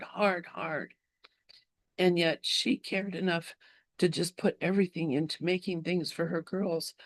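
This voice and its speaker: A woman telling a personal story to an online group in a halting way, with frequent restarts. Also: fairly low pitch, no room sound. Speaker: participant sharing a story.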